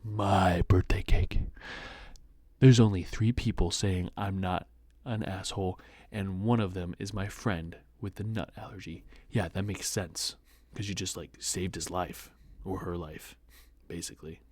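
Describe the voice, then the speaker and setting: A man's voice: sits low, steady tone, measured pace, a little mellow, no echo. Sarcastic young man reading posts, dry. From United States. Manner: sarcastic, mocking asides. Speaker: host reading online posts. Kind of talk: casual commentary on reading a post.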